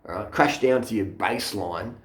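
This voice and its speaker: A man's voice: on the low side, moderate pace, roomy sound. A man, vlogging into a handheld camera in a blunt, mocking rant full of swearing. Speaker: fitness vlogger. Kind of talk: profane off-the-cuff rant.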